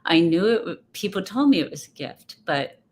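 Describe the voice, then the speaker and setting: A woman's voice: fairly low pitch, expressive, moderate pace, darkish tone. A woman guest speaking in a casual interview, reflective and rambling, often restarting her thoughts. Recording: faint background noise.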